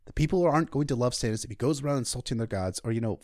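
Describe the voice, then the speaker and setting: A man's voice: mid-range voice, lively intonation, racing, darkish tone, dry recording, clean studio sound. Chatty, irreverent podcast host man. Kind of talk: casual book synopsis.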